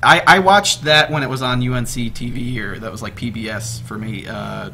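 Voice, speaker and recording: A man's voice: medium pitch, moderate pace, creaky, background noise. A man chatting casually with friends, rambling with many fillers as he tells stories. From northern United States. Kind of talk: casual group chat.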